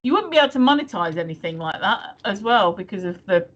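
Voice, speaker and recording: A woman's voice: mid-range voice, expressive, fast, dull audio. A woman co-hosting a live stream in casual, teasing chat, swearing freely. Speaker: stream co-host.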